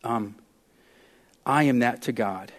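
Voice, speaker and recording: A man preaching a sermon as pastor, telling stories with lively swings between loud and soft. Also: mid-range voice, slow pace.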